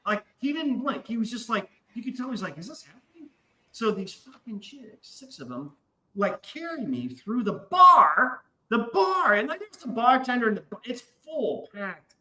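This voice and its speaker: A man's voice: very high voice, normal speed, reverberant, low-quality recording. A man casually telling a wild story, swearing often and acting out the voices of the people in it. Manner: animated, profane, acts out voices in his story. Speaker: podcast guest.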